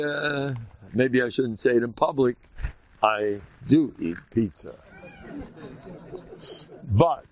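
A man with an American accent, a rabbi giving an informal, animated Purim talk full of stories and sudden shouts. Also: mid-range voice, lo-fi sound.

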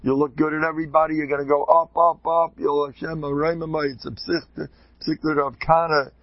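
A man giving an informal Torah talk, animated and digressive, with chuckling asides, on a dull lo-fi recording. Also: fairly high pitch, a little fast, no room sound. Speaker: religious lecturer.

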